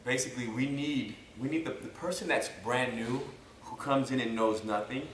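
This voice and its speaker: A man's voice: mid-range voice, moderate pace, fairly bright tone, slight background noise. A man who is a jiu-jitsu instructor, explaining step by step in a casual chat. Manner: explanatory, builds points step by step. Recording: echoey room, mic at a distance.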